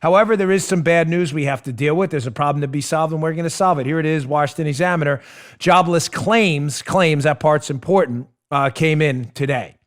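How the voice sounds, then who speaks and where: Brief: male talk host, fairly high pitch, emphatic monologue, swings from hushed to raised, speaks right to the audience. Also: quick pace, hardly any pauses. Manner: addresses listeners directly. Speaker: political talk show host.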